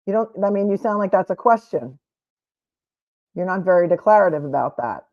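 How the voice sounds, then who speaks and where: A woman's voice: on the low side, expressive, normal speed, long pauses, lo-fi sound. Sarcastic woman commentating a trial. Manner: sarcastic, skeptical asides. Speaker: legal commentator streaming a trial. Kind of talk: live commentary over trial footage.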